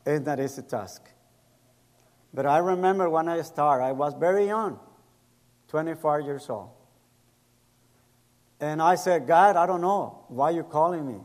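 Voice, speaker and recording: High-voiced pastor preaching in an echoey hall. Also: male voice, a little mellow. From El Salvador. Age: middle-aged. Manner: storytelling, acts out quoted voices, non-native grammar. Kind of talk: sermon with personal stories.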